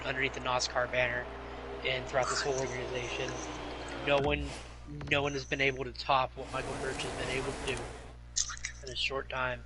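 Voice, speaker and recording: A man hosting a hall of fame ceremony, introducing inductees and presenters in a plain way. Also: medium pitch. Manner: plain, flat delivery, some repeated words. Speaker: ceremony host. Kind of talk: announcing inductees. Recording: loud noise behind the voice.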